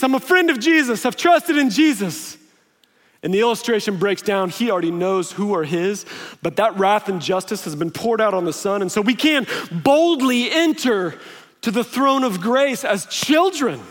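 A man preaching a sermon, telling stories in a conversational way and acting out the quotes. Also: sits high. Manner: conversational storytelling with laughs and acted-out quotes. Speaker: pastor. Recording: long hall reverb.

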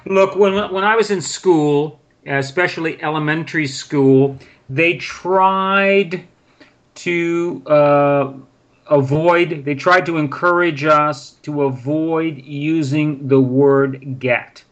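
A man's voice: on the high side, takes it slowly, muffled recording. A man patiently explaining English grammar with example sentences in a casual spoken lesson. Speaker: English teacher. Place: in Prague.

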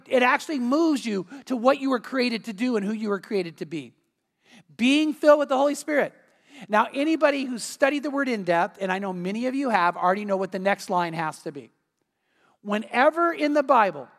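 Pastor, earnest conversational sermon, mid-pitched voice with a long hall echo. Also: vocal fry, a bit bright. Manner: earnest, conversational preaching with rhetorical questions.

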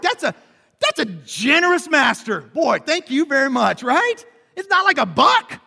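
A man preaching a sermon as pastor, animated and questioning, calling on the congregation to answer back. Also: very high voice, unhurried, big-room sound. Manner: animated preaching, drops to quiet emphasis and rises to shouts; asks the congregation questions and calls for responses.

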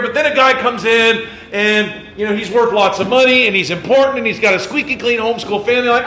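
A man's voice: very high voice, fast, few pauses, bright, forceful tone, slight background noise. A man preaching a conversational sermon to his congregation, asking rhetorical questions and often restarting his sentences. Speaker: pastor.

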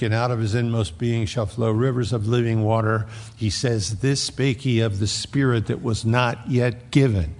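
A pastor with a gravelly voice preaches in a relaxed, conversational way. He slips into quick character voices for the people in his stories. His voice rings out with a long reverb, as though he is speaking in a large sanctuary. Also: mid-range voice. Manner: conversational, acts out quoted voices. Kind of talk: sermon.

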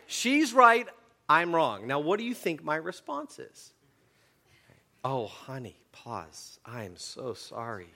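The speaker is a middle-aged pastor with a high-pitched voice, delivering a sermon full of stories and animated shifts from booming to quiet.

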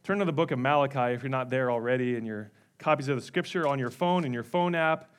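A male pastor preaching a sermon, telling stories animatedly and dropping suddenly to a hush. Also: mid-range voice, quick pace, smooth. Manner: animated storytelling with sudden drops to quiet.

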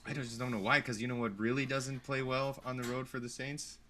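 Fast-talking wry male podcast guest with a bright, low voice. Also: little pitch movement, a little hiss or hum. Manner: quick, wry, critical. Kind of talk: casual comedic sports chat.

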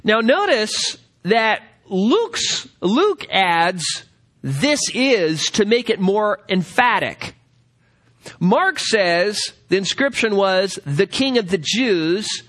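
A man teaching a Bible study lecture, directing listeners to passages and reading scripture aloud slowly with emphasis. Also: high voice, big pitch swings, fairly bright tone.

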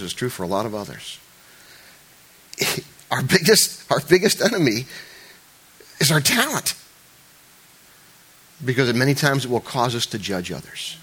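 A male pastor preaches to a church congregation, speaking casually and joking with his listeners. He frequently backs up to restart a thought, and for emphasis his voice gets louder and higher.

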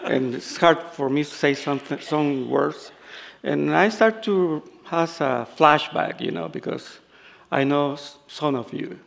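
An older Salvadoran man preaches in slow, halting English with a strong Spanish accent. His voice is deeply gravelly and a touch high for a man, and he keeps slipping into self-deprecating humor and laughter. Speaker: guest preacher. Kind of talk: sermon.

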